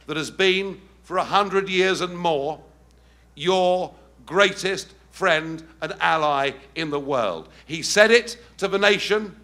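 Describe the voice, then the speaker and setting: A middle-aged man with an English accent giving a rousing, emphatic speech to a live audience in a packed event hall, with pointed pauses. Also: a little high, bright, forceful tone. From England. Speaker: political speaker.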